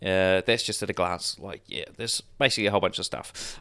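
A man's voice: sits low, a little fast, few pauses, pushed and bright, smooth, dry recording, studio quality. Chatty man with a mild Kiwi accent. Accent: mild New Zealand. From New Zealand. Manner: chatty, rambling with many fillers and restarts. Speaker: podcast host. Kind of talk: casual podcast interview.

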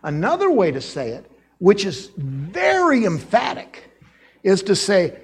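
A man's voice: sits high, measured pace, husky. A middle-aged man, a former associate pastor, preaching a sermon and acting out the quoted dialogue. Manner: animated preacher who acts out quoted dialogue.

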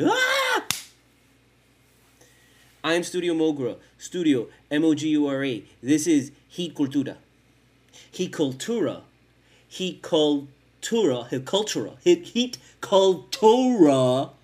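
A man's voice: on the high side, a little mellow. A man hosting a casual solo sports podcast from home, rambling and self-mocking with plenty of swearing and sing-song chanting. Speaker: podcast host. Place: at home in front of a camera.

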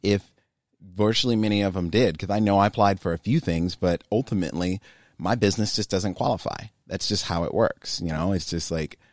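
A young man with a low voice talks frankly as an interview guest, his thoughts winding along with plenty of fillers. The sound is close and dry, with no room around it. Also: a little fast, dry recording. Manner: candid, rambling with many fillers. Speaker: guest, climbing business owner. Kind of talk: casual interview conversation.

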